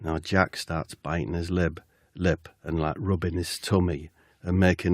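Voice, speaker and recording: A man co-hosting a podcast who tells a rambling, absurd comic story in a deadpan way. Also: deep voice, unhurried, no echo, studio quality. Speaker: podcast co-host.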